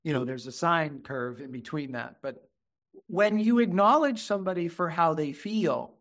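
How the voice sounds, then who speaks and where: Earnest higher-voiced man. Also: expressive, normal speed. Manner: earnest, acts out soothing dialogue softly. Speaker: guest, child therapist. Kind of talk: conversational interview.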